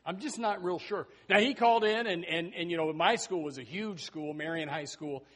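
A middle-aged male preacher delivers a sermon, wandering into a long personal story. He talks in a rambling way, full of restarts and asides, in a voice that sits a little high for a man. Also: moderate pace.

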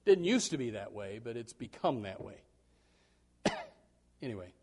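A man preaching a sermon in a folksy, joking way, dropping to quiet asides and then breaking into loud shouted bursts, often repeating words as he starts a thought. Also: medium pitch, very animated, normal speed, husky. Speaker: pastor.

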